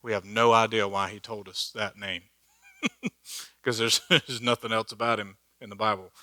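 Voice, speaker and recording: A man's voice: on the low side, fairly even intonation, moderate pace, pushed and bright, no room sound. A man teaching a church Bible study in a conversational, joking way, laughing at his own asides. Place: church hall.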